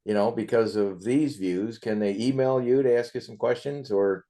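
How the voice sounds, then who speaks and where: Between questions, a man hosting a casual interview rambles enthusiastically. He has a mid-range voice with a dark tone and talks at a moderate pace.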